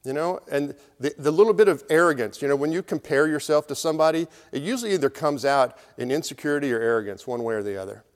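Middle-aged male pastor, fairly high voice, easy storytelling sermon, long reverb of a church hall. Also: expressive, quick pace, few pauses. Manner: conversational, storytelling preaching with acted crowd voices.

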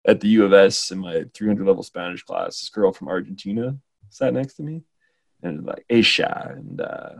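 A man co-hosting a podcast in casual chat, animated, filling his talk with "like" and dropping into Spanish. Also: sits low, moderate pace, gravelly. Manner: animated, says like a lot, mixes in Spanish. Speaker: podcast co-host.

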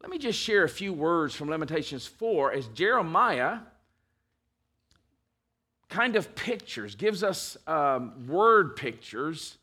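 A man preaching a sermon, reading scripture aloud with emphatic, slowed stress on key words and frequent restarts. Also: on the high side, pushed and bright, husky. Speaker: pastor.

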